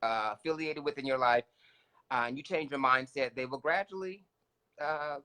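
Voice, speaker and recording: A man co-hosting a casual talk show, giving lively advice and jumping in with quick asides. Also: medium pitch, smooth. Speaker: podcast co-host.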